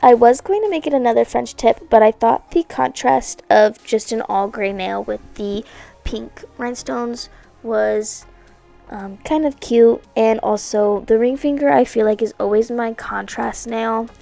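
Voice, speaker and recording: Speaking at a measured pace in a fairly high, creaky voice, a woman narrates her nail art video casually and playfully, correcting herself now and then and slipping in asides. Soft music sits under the voice-over.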